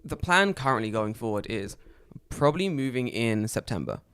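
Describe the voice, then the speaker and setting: A man co-hosting a podcast in casual chat, telling animated stories and swearing freely. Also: medium pitch, normal speed, smooth. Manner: animated storytelling, heavy swearing. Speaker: podcast co-host.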